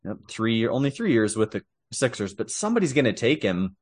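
A man's voice: mid-range voice, very animated, fairly quick, slightly rough, no echo, studio quality. A man co-hosting a podcast, chatting casually and with opinions about sports, laughing easily. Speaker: podcast co-host.

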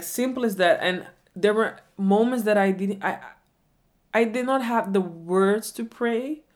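A woman's voice: medium pitch, darkish tone. A woman in her twenties telling a personal story in a reflective way, often repeating questions to herself. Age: 20s. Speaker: vlogger.

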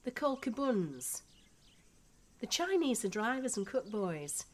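A woman's voice: on the high side, sing-song, unhurried. Yorkshire housewife in her thirties, frank and chatty, played by a woman, radio drama. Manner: blunt, gossipy, down-to-earth.

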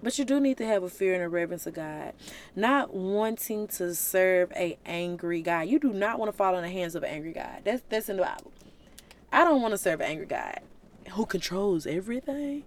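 Animated woman preaching casually. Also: on the low side, a little fast. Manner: colloquial, animated, conversational. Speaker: Christian vlogger.

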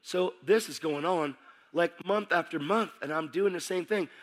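A man preaching a testimony, animated and emphatic, dropping to a hush and then shouting as he acts out the scenes. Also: fairly high pitch, normal speed. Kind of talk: sermon testimony storytelling.

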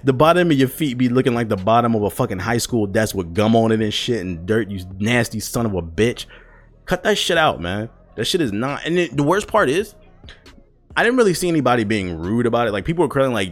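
A grown man ranting loudly and profanely, scolding his audience with emphatic repetition. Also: mid-range voice, very animated, fairly quick. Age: adult. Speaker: vlogger. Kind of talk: profane comedic rant.

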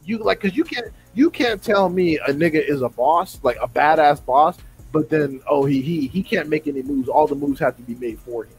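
A man's voice: fairly high pitch, moderate pace, few pauses, faint music behind, low-quality recording. A man on a podcast, ranting in a profane, exasperated way and mocking fans in put-on voices. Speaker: podcast co-host. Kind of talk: heated casual podcast rant.

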